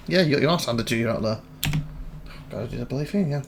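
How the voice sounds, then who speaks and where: Excitable gamer, gravelly voice, faint hiss behind, casual commentary. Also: male voice, medium pitch, fast talker, pauses often. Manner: excitable, laughs and shouts at wins and losses. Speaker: gaming YouTuber.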